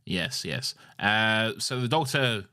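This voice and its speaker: A man with a fairly low voice chats casually as a podcast co-host, swearing freely and putting on the characters' lines as he recaps the story. He talks in a loose, joking way with his co-host. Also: expressive, slow, pushed and bright. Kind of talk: casual chat recapping an episode.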